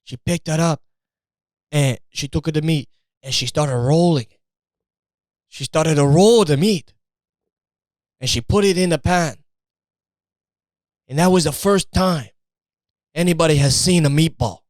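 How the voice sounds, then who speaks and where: A man's voice: a little high, a little slow, long pauses, darkish tone, no echo, studio quality, natural voice. Man putting on a boasting Italian braggart. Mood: boastful. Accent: put-on Italian. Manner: insistent and grandiose, brushes off doubt. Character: boastful Italian man bragging about his family's cooking.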